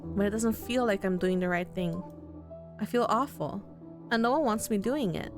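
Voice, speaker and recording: A woman's voice: mid-range voice, normal speed, music in the background, close to an everyday voice. A woman voicing an earnest, worried young man in a visual novel. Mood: upset. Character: earnest, anxious young man in his twenties.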